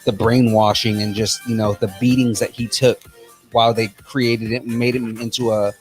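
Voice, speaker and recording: A man's voice: medium pitch, little pitch movement, normal speed, faint music behind. Opinionated man chatting on a podcast. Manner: enthusiastic, opinionated, repeats himself. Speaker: podcast co-host. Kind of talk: casual chat.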